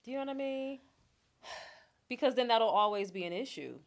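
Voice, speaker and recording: A woman's voice: on the high side, lively intonation, a little fast. A woman co-hosting a casual faith-based podcast, backing her partner with short affirmations and asking questions. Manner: supportive listener, frequent short affirmations. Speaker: podcast co-host.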